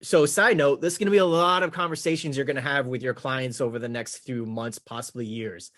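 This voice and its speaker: A man coaching real estate agents on negotiation, energetic and casual, mimicking clients with playful chatter. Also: mid-range voice, brisk. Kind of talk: teaching with slides.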